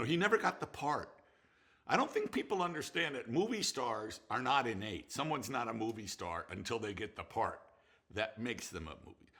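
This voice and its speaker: In this reminiscing interview, an older man who directs films tells wandering, profane stories full of restarts and laughter. He has a husky, mid-range voice that comes across bright and forceful.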